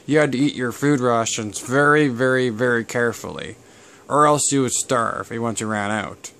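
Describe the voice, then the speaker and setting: Rambling man with a smooth voice. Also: mid-range voice, normal speed, sharp tone. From Canada. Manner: rambling and digressive, with many fillers. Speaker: channel host. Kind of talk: casual talk to camera about family history.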